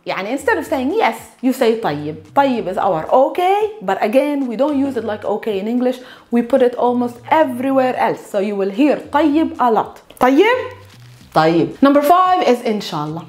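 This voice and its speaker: Lively high-voiced woman teaching. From Palestine. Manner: lively, repeats words slowly for learners, checks in with "yeah?". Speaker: Arabic teacher. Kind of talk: language lesson.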